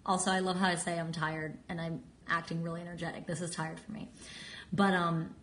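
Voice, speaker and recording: A bubbly woman in her twenties talks straight into a phone held at arm's length, chatty and quick to giggle. Her voice sits a little low for a woman. A faint hum of room noise runs behind her. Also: flat delivery, fairly bright tone. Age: 20s. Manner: bubbly and chatty, reads usernames aloud, giggly. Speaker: live streamer answering fan comments. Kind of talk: casual live-stream chat.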